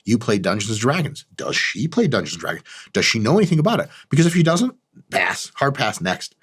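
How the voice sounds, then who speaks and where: Husky, boastful man with a lively voice. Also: brisk. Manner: mock-arrogant, profane and boastful; lively, animated delivery with big pitch jumps. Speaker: channel host. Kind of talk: comedic advice monologue.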